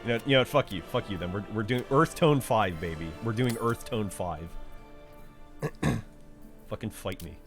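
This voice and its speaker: A man's voice: on the low side, lively intonation, normal speed, long pauses. A man streaming a game, chatting casually with his viewers, swearing and joking as he builds a character. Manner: laid-back banter with chat, swearing and laughing. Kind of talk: casual live-stream chat while playing. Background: faint game music.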